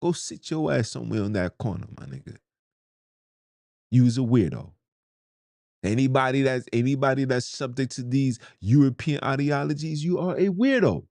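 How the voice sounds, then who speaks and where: A man's voice: medium pitch, normal speed, gravelly, a little mellow, no room sound. A man, hosting a podcast in a blunt, heated, slangy monologue. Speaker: podcast host. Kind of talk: ranting monologue.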